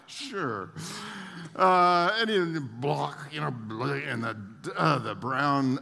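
A man's voice: on the high side, slow pace, creaky, sharp tone. A man preaching a sermon as pastor, in a conversational way with restarts and acted-out quotes. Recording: long reverb of a large hall.

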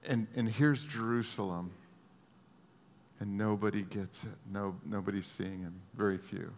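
A man preaching a sermon as a pastor, earnest and emotional, moving between hushed and raised speech. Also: on the low side, fairly even intonation, measured pace, long reverb tail.

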